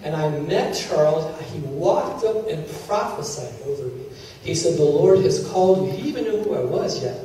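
Guy preaching his testimony, mellow kinda high voice, far off mic in a super echoey hall, faint hiss. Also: lively intonation, normal speed. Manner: emotional storytelling, quoting God and others in dialogue. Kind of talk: sermon testimony.

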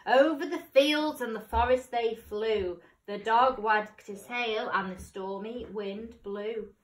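A woman teacher reading a picture book aloud, expressive, dropping to whispers and rising to loud cries. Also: a little high, slow pace. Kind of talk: storybook read-aloud. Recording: roomy, distant mic.

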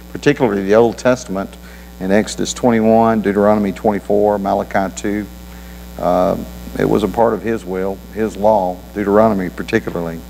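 A man's voice: fairly low pitch, gravelly, a little mellow. A man preaching a sermon in a folksy, conversational way, with homespun anecdotes. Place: church auditorium. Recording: reverberant hall with mains hum.

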